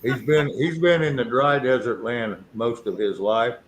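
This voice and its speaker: Teasing male host, mid-pitched voice. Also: normal speed, a crowd in the background, low-quality recording. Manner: teasing, laughs at his own jokes. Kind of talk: casual chat.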